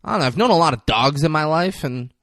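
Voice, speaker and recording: A man's voice: on the high side, expressive, fast talker, a bit bright, dry recording, clean studio sound. A man co-hosting a podcast in casual chat, rambling and swearing as he recaps a film scene by scene. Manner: rambling, profane, retells scenes with quoted lines. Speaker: podcast co-host.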